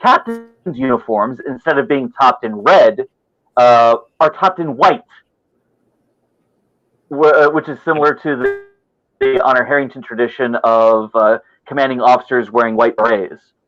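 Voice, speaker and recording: A man hosting a podcast, talking conversationally with filler pauses. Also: mid-range voice, fairly bright tone, muffled recording, soft background music. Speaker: podcast host.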